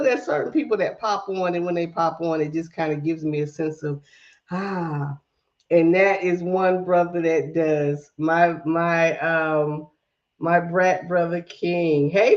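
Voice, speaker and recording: A woman's voice: on the low side, a little mellow, muffled recording. A woman with a mix of Southern drawl and Brooklyn accent hosting a casual livestream, greeting viewers by name and talking herself through tech fixes. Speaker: livestream host.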